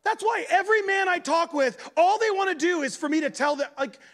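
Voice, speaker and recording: Man, very high voice, animated casual sermon, acts out voices. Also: a little fast. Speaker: guest preacher. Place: church gathering.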